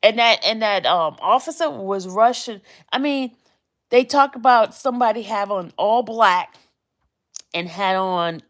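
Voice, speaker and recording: A woman's voice: medium pitch, measured pace. Chatty woman musing on a live stream. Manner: chatty, repeats phrases, trails off musingly. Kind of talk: casual live-stream commentary.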